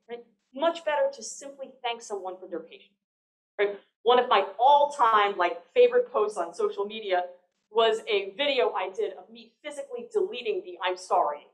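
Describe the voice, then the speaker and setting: A woman giving a lively, conversational public lecture on negotiation, often checking in with the audience. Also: medium pitch. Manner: lively, conversational, frequent "right?" tags. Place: lecture hall. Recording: echoey lecture hall.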